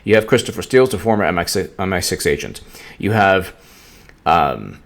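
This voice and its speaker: A man's voice: low-pitched, sing-song, normal speed, vocal fry. Rambling, sarcastic male political vlogger. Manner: rambling, sarcastic, stumbling over words. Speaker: political commentator. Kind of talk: casual political commentary vlog.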